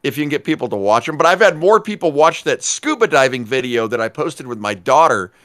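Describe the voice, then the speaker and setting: A man in his forties, talking in an easygoing, agreeable way as he co-hosts a podcast. He chats casually over a call, with an even, mid-pitched voice. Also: a little fast. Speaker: podcast co-host. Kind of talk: casual chat.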